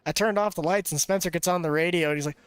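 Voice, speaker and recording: A man's voice: high-pitched, fast, clean tone. A young man rambling and joking casually while live-streaming a farming game. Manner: rambling, jokey, laughs often. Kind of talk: casual gameplay chatter.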